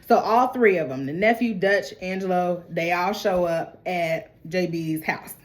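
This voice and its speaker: A woman casually retelling a TV episode in an animated, slangy storytelling manner. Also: on the low side, a little slow. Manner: animated, slangy, laughing asides. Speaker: TV recap host.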